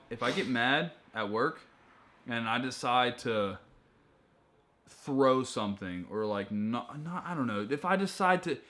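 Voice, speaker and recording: Bright-voiced young man, blunt co-host. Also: medium pitch. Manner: blunt, argumentative, rambling. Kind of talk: casual chat.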